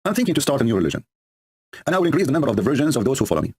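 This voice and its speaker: Fast-talking sarcastic man, husky. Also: mid-range voice, very animated, a little mellow. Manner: sarcastic, mocking, broken English. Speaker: host of a religious debate stream. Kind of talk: mocking monologue.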